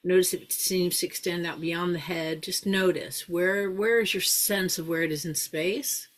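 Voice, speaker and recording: A woman teaching a mindfulness practice group in a casual, chatty way, full of fillers and restarts, sometimes slowing into a soft hypnotic guiding voice. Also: fairly low pitch, fairly even intonation. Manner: chatty, thinks aloud with many fillers and restarts; drops into a slow soft hypnotic voice for guidance.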